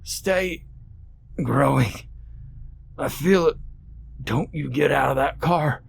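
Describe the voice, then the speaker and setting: A man voicing a stranger dying in agony, with a raspy, shrill and pained voice. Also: slow, slight background noise. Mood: agonized. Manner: choking, desperate warning.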